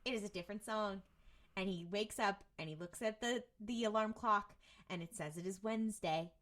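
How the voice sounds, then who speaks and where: A young woman co-hosting a podcast, chatting casually as she recaps an episode and acts out quick quotes from the characters. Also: medium pitch. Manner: animated, retells scenes with quick voiced quotes. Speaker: podcast co-host.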